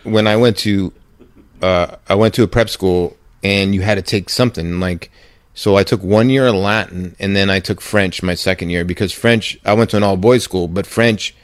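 Casting: lowish male voice, casual podcast storyteller, rambling and chuckling. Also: fairly even intonation, moderate pace. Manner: rambling, laughing anecdote teller. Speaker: podcast co-host, former ballplayer.

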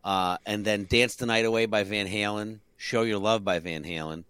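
A middle-aged man with a lowish voice talks animatedly on a podcast about the albums he learned on drums. He is recorded close on a dry studio mic. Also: normal speed, smooth, dry recording. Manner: animated, hums drum fills. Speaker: podcast co-host and drummer. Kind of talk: casual chat.

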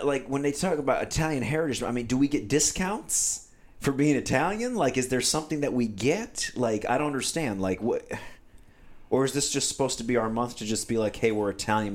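A man's voice: mid-range voice, lively intonation, a little fast. A man co-hosting a casual talk show, wry and chiming in with short replies and asides. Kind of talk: casual banter.

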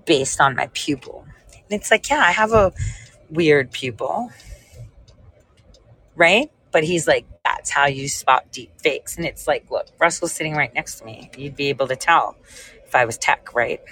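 A woman's voice: low-pitched, unhurried, pauses often, breathy edge, rough recording. A woman hosting a casual livestream chat, telling rambling stories and talking straight to her viewers. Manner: rambling, animated storytelling; speaks directly to viewers.

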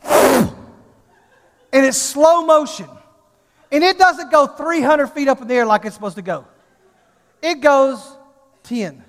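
A middle-aged man preaching from the pulpit in an unusually high voice. He tells his story with excitable, animated energy and then leans into urgent appeals. His voice rings out in a large sanctuary with a long, lingering reverb. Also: normal speed, slight background noise. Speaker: pastor. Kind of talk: sermon with a comic personal story.

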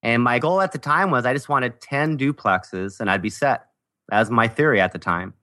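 Bright-voiced older man. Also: mid-range voice, moderate pace, no room sound, clean studio sound. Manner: easygoing, joking storyteller. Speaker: guest landlord. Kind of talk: casual podcast chat.

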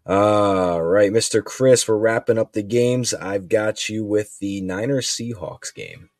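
A man's voice: lowish voice, slow, a little mellow, no echo, clean studio sound. A man hosting a casual sports podcast, easygoing, handing topics to his co-hosts. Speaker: podcast host.

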